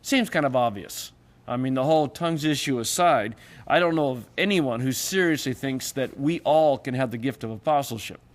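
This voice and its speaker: A man teaching Greek grammar in a lecture, explaining patiently and voicing the example questions he quotes. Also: moderate pace. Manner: explanatory, acts out quoted questions with raised pitch. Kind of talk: recorded classroom lecture.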